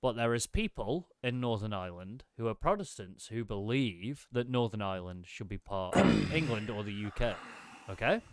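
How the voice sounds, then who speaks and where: Man talking dry and clear, laughing. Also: lowish voice, lively intonation, no room sound. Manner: laughs often, halting restarts while explaining. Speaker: podcast co-host. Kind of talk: casual chat.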